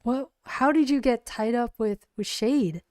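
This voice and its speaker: A woman's voice: fairly high pitch, measured pace, a little mellow, dry recording, clean studio sound, close to an everyday voice. Woman playing a blunt wary male street fixer. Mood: incredulous. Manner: blunt, cautious, swears.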